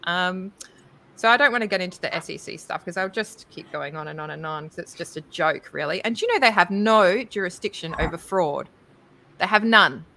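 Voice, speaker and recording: A woman talking casually on a crypto panel, chatty and animated, with many ums and likes. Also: lowish voice, a little fast, vocal fry, slight background noise. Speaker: crypto conference speaker. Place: livestreamed panel.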